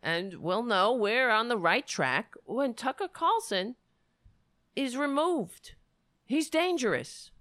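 A woman vlogger angrily ranting in reaction to a news clip, swearing often and breaking off into halting restarts. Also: a little high, sing-song, a bit bright, dry recording. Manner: indignant, profane, halting restarts. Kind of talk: angry reaction rant.

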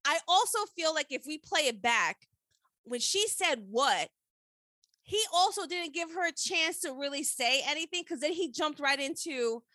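A woman's voice: high-pitched, animated, moderate pace, sharp tone, no room sound. A woman co-hosting a casual chat, animatedly retelling a TV scene and quoting the characters. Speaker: podcast co-host. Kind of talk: casual chat recapping a TV episode.

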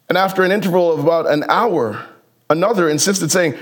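Animated preaching man, slightly higher voice. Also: brisk. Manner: animated, acts out Bible characters in casual voices; conversational, uses slang and fillers. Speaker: pastor. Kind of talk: sermon.

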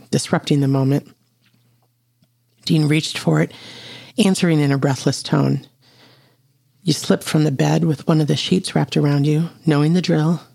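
A storyteller reading an intimate audio story aloud in a slow, steady way. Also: medium pitch, vocal fry, no echo. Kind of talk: scripted narration of an audio story.

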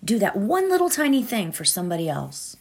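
A woman's voice: medium pitch, wildly swooping pitch, fairly quick, gravelly. A woman giving an earnest, emotional talk before a guided meditation, often asking "right?".

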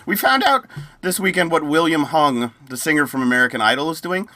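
A man's voice: on the high side, lively intonation, brisk, bright, forceful tone, dry recording. A man co-hosting a podcast, chatting casually, often laughing and giving his opinions. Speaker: podcast co-host. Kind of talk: casual chat.

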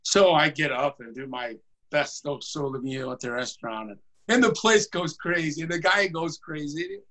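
Animated male tenor telling stories. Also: fairly high pitch, moderate pace, low-quality recording. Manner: animated, jumps into voices. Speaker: guest tenor singer. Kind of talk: comic storytelling in conversation.

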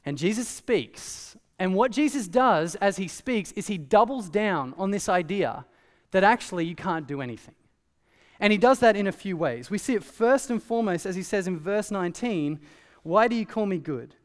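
A man preaching a sermon as pastor, in a conversational, animated way with asides. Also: high voice, normal speed, long reverb tail.

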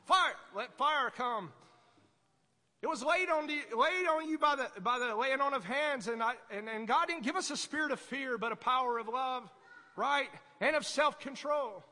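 A woman preaching a sermon in a conversational way, breaking into sudden shouted bursts. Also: high-pitched, normal speed. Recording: echoey hall.

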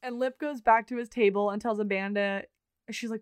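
A woman's voice: fairly high pitch, fairly even intonation, fairly quick, smooth, no echo, studio quality. A woman co-hosting a podcast, casually recapping TV scenes and acting out the characters' lines, with some swearing. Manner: retells scenes with quoted dialogue, swears casually. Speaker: podcast co-host.

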